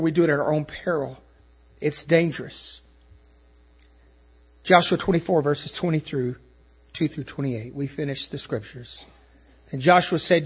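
A man preaching with a high, husky voice. He drives his points home loudly, then drops to soft, low asides. The recording is dull and lo-fi, with a mains hum under it. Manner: emphatic, swings from loud declarations to quiet asides. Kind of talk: sermon.

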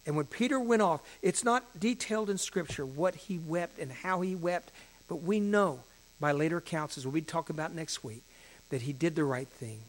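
A male pastor preaching a sermon, shifting between hushed emphasis and louder passages. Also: a little high, moderate pace.

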